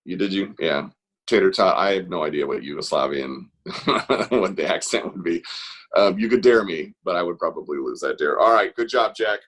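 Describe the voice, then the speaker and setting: A man's voice: low voice, lively intonation, moderate pace, fairly bright tone. A man hosting an online art class on a video call, chatty and encouraging as he guides kids. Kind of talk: casual live-stream instruction.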